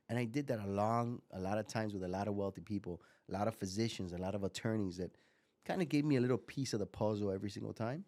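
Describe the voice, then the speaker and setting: A man in his forties from Miami, a guest entrepreneur telling lively stories and often repeating words. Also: on the low side, fast talker. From Miami, USA. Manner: animated storyteller, repeats words as he goes. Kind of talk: casual interview talk.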